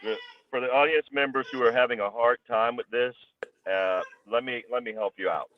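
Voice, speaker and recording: A man's voice: medium pitch, fairly even intonation, fairly quick, slight background noise. A man in a live sports chat, dryly teasing the host. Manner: dry teasing banter. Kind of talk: casual live-stream chat. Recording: dull lo-fi call audio.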